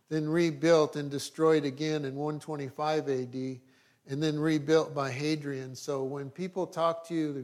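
Man preaching a sermon, fairly high voice. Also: a little mellow. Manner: preaching with asides and dry jokes. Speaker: pastor.

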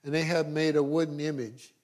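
A man's voice: fairly high pitch, steady tone, fairly quick, darkish tone. A middle-aged male pastor preaching a sermon, reading scripture and adding dry joking asides.

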